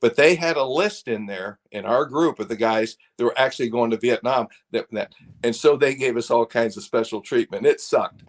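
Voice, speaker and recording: Older male guest, rambling storyteller, mid-pitched, easy chuckling delivery. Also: moderate pace. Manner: rambling, laughs often, restarts. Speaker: guest, former fighter pilot. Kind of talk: casual storytelling.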